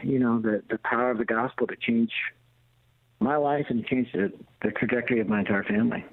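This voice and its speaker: A man's voice: mid-range voice, fairly even intonation, brisk, dry recording. A middle-aged American man calling in as a radio guest, telling his family story in an emphatic, blunt way with a preacher's cadence. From United States. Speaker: guest, ministry leader and author. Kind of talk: personal testimony on a radio talk show. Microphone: phone call into the studio. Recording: tinny phone line.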